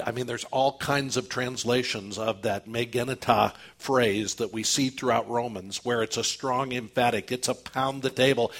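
A man's voice: medium pitch, moderate pace, few pauses, a bit bright. A man preaching a sermon as pastor, emphatic and full of rhetorical questions to his congregation.

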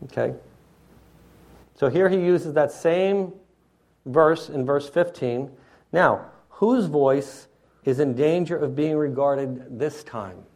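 A man's voice: a little high, takes it slowly, darkish tone. A man preaching an expository sermon in a teacherly way, often checking in with his listeners.

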